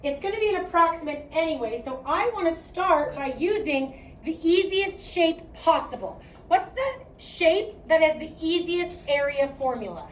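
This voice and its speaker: A woman's voice: very high voice, expressive, normal speed, few pauses, slight background noise. A woman with a Chicago accent teaching a math class, projecting her voice and often checking in with "okay?". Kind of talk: classroom lecture. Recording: echoey classroom, distant mic.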